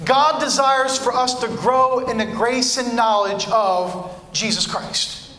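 A man preaches to his congregation, pressing his points with insistent repetition. His voice sits very high and rings bright. The sound carries the echo of a church room. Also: steady tone, takes it slowly. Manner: emphatic, repetitive preaching cadence. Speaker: pastor. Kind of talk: sermon.

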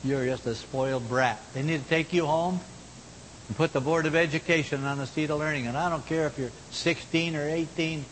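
A man preaching a sermon in a folksy manner, moving between loud exhortation and hushed, low tones. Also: fairly quick. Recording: long hall reverb, faint rumble.

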